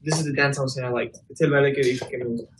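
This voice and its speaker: A young man hosting a casual livestream from his phone, answering fan comments in a relaxed, chatty way with lots of fillers. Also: medium pitch, very fast, very noisy. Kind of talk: casual livestream chat, switching between Spanish and English.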